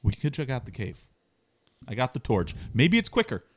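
A man's voice: mid-range voice, wildly swooping pitch, moderate pace. A man playing a tabletop game, casual and joking, often swearing. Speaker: player.

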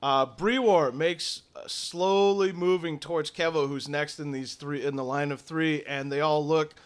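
A man's voice: on the high side, fairly even intonation, a little slow, smooth. A man narrating a tabletop game as game master, loose, profane and playful.

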